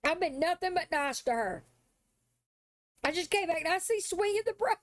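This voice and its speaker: A woman's voice: very high-pitched, expressive, normal speed. A woman livestreaming, ranting angrily and profanely at a critic in a sassy, confrontational way. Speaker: live streamer. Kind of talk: angry livestream rant.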